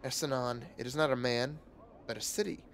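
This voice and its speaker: A man voicing a hoarse, grieving male holy crier who speaks in a slow, solemn way. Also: mid-range voice, steady tone, lightly acted. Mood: mournful.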